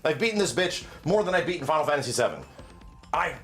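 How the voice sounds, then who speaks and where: A man hosting a stream, swearing and telling an animated, excitable story in casual chat. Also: on the high side, fast, faint music behind. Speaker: streamer host.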